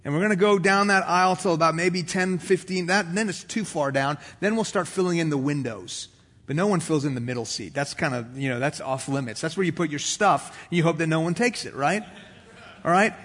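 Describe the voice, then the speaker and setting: A man with a notably high voice preaches to his congregation, slipping into little acted voices as he tells an everyday story. His words ring out with a long reverb, as in a large church hall. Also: brisk, fairly bright tone. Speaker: pastor. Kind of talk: sermon.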